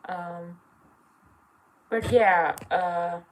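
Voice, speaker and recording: Slow, halting young feminine voice. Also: female voice, lowish voice, fairly even intonation, a little hiss or hum, low-quality recording. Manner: halting, earnest, heavy on fillers; emotional, near tears at times. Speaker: vlogger. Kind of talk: personal confessional vlog.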